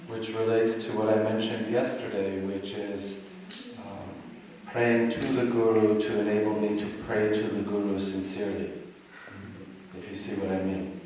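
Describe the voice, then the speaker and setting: Soft-spoken teacher in an echoey hall. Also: male voice, on the low side, far from the mic, a little hiss or hum. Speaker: meditation teacher. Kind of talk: dharma talk with devotional chanting. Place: yoga retreat hall.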